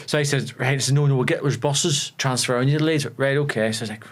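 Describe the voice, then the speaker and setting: A young man with a Belfast accent, an actor telling animated stories on a podcast and laughing often. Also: mid-range voice, fast. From Northern Ireland. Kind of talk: casual storytelling chat. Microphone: podcast studio mic.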